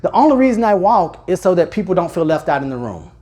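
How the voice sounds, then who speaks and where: Energetic man teaching a live seminar. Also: high voice. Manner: energetic, speeds up and slows down, louder and softer on purpose; addresses the audience directly with questions. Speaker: real estate sales trainer. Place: training room with a live audience.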